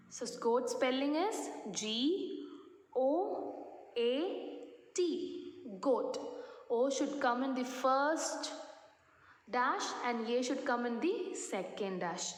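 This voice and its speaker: A woman teaches a class of young children, spelling animal names slowly one letter at a time. Her voice sits high and unhurried, and she checks in with them often. The recording carries a long, roomy reverb. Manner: slow, spells words letter by letter. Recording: echoey room with long reverb.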